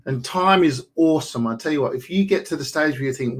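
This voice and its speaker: A man, giving a casual, animated motivational talk as a property business coach and slipping into quoted dialogue. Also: a little high, a little fast, slight background noise, low-quality recording. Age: 40s. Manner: animated, colloquial, slips into acted quotes.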